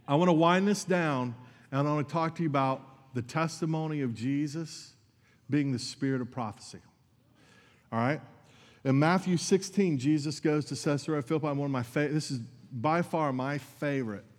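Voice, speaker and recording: A man's voice: on the high side, big-room sound. A man preaching a sermon as pastor, earnest and conversational, with asides to his congregation.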